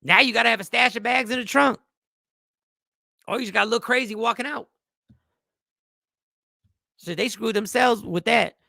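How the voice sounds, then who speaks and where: A middle-aged man hosting a show, riffing casually and jokingly, swearing freely and reading comments out loud. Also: very high voice, moderate pace, creaky, pauses often, no echo, clean studio sound. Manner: animated, joking, swearing, reads chat comments aloud. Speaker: host.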